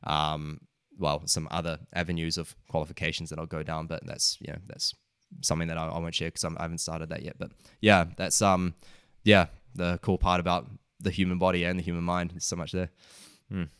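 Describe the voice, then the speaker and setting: A man's voice: sits low, little pitch movement, fairly quick, a bit bright, smooth, no echo, clean studio sound. A man with a New Zealand accent, a podcast guest who talks in an earnest, rambling way with many fillers. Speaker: podcast guest, wellness coach. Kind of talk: casual podcast conversation.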